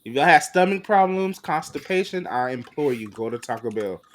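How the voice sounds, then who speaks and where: A man's voice: on the high side, moderate pace. A man, co-hosting a podcast in casual chat, telling jokes and stories with slang. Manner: joking, lively storytelling with slang. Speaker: podcast co-host.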